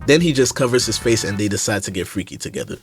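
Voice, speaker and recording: A young man recapping a horror film in a slangy, animated, joking way. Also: fairly low pitch, fast talker, soft background music. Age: young adult. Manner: slangy, animated, keeps saying bro. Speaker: YouTuber. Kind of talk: comedic movie reaction commentary.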